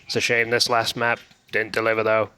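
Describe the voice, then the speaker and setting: Bright-voiced male esports analyst. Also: fairly low pitch, monotone, fairly quick, smooth. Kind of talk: match wrap-up analysis.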